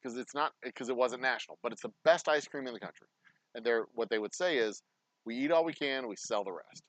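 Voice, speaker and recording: A man with a medium-pitched, brisk voice, recorded dry, is a distillery owner talking casually in a behind-the-scenes vlog. Profane and heated, he swears heavily while ranting and rambling off into stories.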